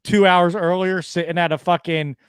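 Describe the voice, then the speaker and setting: Animated, joking podcast host, dry sound. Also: male voice, sits high, normal speed, smooth, dry recording. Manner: swearing, laughing storyteller, animated impressions. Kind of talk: casual podcast chat.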